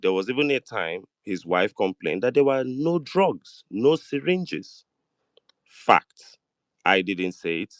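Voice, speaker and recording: A man with a Nigerian accent and a mid-range voice pushes his question again and again. His pitch rises and falls a lot as he argues. The sound is dry and close. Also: no echo. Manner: insistent, keeps pressing a question. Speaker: debate participant. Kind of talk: heated online debate.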